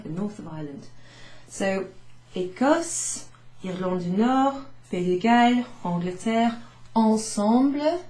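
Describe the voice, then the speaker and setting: Mellow-voiced woman teaching French. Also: on the low side, echoey room. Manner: patient, explains step by step with French examples. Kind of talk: recorded lesson recap.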